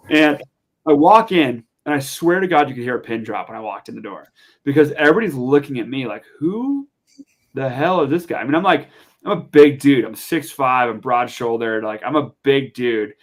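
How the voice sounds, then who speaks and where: A young adult man from Montana, a podcast guest telling a story in a casual, animated way, full of fillers. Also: mid-range voice, fast. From Montana, USA. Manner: animated, chatty, lots of fillers.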